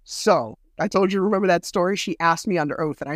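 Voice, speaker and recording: A man's voice: on the high side, fast, hardly any pauses, no echo, clean studio sound. Bitter, swearing man telling his story. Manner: bitter, profane, rambling with many fillers. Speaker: podcast host. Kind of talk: casual solo storytelling.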